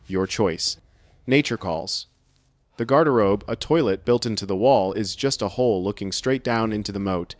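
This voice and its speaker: A man with a low voice tells a scripted first-person story, with a dry, sardonic wit running through every line. Soft music plays quietly underneath him. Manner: wry, sardonic humor. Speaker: narrator.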